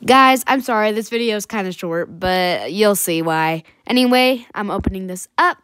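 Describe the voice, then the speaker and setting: A woman's voice: medium pitch, moderate pace, hardly any pauses, a bit bright, clean tone. A woman hosting a casual toy unboxing vlog, chatty and bubbly, laughing at herself now and then. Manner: bubbly and chatty, giggly asides. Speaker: toy reviewer.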